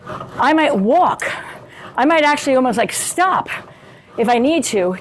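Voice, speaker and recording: Chatty coaching woman with a higher voice. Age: middle-aged. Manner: chatty, loose coaching with frequent check-ins to the viewer. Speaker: fitness coach. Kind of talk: casual instructional talk while demonstrating on an exercise bike.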